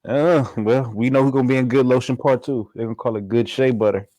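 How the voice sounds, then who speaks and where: A man's voice: medium pitch, steady tone, brisk, mellow, no room sound, low-quality recording. A man co-hosting a casual chat, playful and teasing, laughing often.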